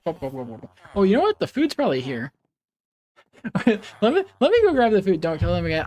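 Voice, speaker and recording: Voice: mid-range voice, big pitch swings, brisk, darkish tone. A streamer chatting casually while playing a game, giggling, rambling and making playful animal noises between thoughts. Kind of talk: casual live-stream chat while gaming.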